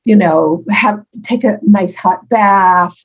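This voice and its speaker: An older woman being interviewed as an author, telling stories warmly with frequent ums and laughs. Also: medium pitch, slow pace, highs cut off. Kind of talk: conversational interview.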